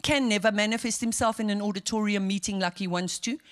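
A woman pastor from South Africa preaching a sermon, moving between quiet asides and fervent, rising outbursts. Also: medium pitch, fast talker.

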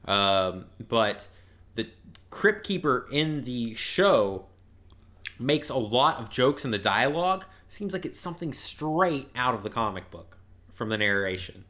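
A man in casual podcast chat, musing in a relaxed, slightly hesitant way. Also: medium pitch, measured pace.

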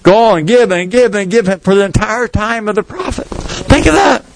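A man's voice: high-pitched, expressive, normal speed, gravelly, a little hiss or hum, rough recording. A middle-aged man preaching a sermon as pastor in a folksy, storytelling way, acting out the people in the story. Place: church sanctuary.

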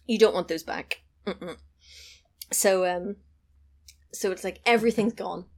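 In a casual chat, a woman with a medium-pitched voice retells a film animatedly but unhurriedly. She acts out the characters' lines in varied voices and laughs often.

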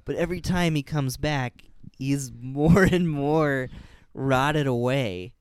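A man co-hosting a casual podcast about a movie, relaxed, laughing often and trailing off with fillers. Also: mid-range voice, takes it slowly, clear, resonant tone, no echo. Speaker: podcast co-host.

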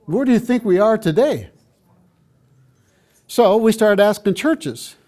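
A man's voice: sits high, expressive, measured pace, pauses often, a little mellow. An older man, a pastor, giving an earnest, emphatic teaching talk to a church audience, with frequent asides to his listeners.

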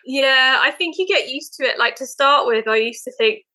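Woman, young, bright-toned podcast guest, eager and filler-heavy. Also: high-pitched, moderate pace, rough recording. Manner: chatty and eager, many fillers. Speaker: guest, veterinary nurse. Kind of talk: casual podcast chat.

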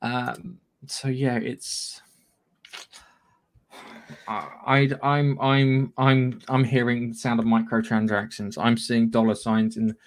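A man's voice: medium pitch, level tone, takes it slowly. A man co-hosting a casual gaming news podcast, chatty and rambling, with casual swearing. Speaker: podcast co-host.

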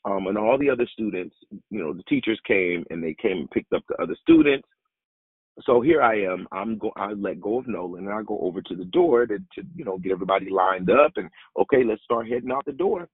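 A man preaching a sermon and telling a personal story, animated, with his pitch leaping up for emphasis, recorded on a phone. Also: a little fast, husky, no echo, phone-quality sound.

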